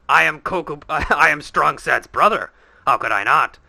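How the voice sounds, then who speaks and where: A gloomy eldest brother, put on by a man who speaks in a slow, mopey drawl. The tone is bright even though the mood is down. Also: fairly high pitch, creaky, no echo, voice pushed up, exaggerated voice. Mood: solemn.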